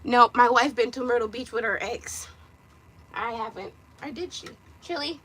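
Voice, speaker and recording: A young woman from Jamaica with a Jamaican accent, chatting casually and loudly while getting ready, teasing and cussing. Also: on the high side, husky. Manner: loud, brash and teasing, quick to cuss. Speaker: vlogger. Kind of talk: casual live chat.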